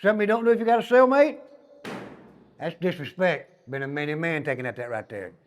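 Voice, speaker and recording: Fast-talking ex-convict tour guide. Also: male voice, on the high side, slight background noise. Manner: folksy, repeats "give you an idea", addresses group as guys. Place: large echoey prison halls and yard. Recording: long echoey reverb of hard halls.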